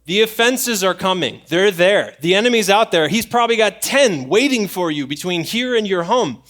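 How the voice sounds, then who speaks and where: A young man preaching a sermon in church, animated and acting out quotes. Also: sits high, moderate pace. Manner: animated, acts out voices and quotes. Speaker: pastor.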